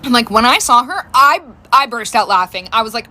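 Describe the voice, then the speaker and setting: A middle-aged woman telling funny stories about her life in a casual, animated way, laughing as she goes. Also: fairly high pitch, fast, hardly any pauses. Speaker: storyteller. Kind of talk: casual storytime.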